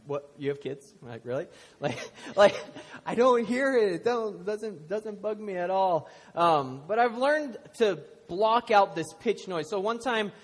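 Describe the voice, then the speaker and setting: A man's voice: sits high, takes it slowly. A man in his thirties preaching a casual sermon to a congregation, telling stories with self-deprecating jokes. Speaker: pastor. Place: church hall before a congregation. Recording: long hall reverb.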